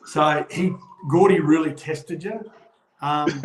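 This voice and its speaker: Speaking slowly in a rather high voice, this former rugby league player, a middle-aged Australian, tells stories during a relaxed conversation. He's an animated yarn-spinner who performs the voices of whoever he's quoting. Heavy background noise and an echoey room muddy the recording.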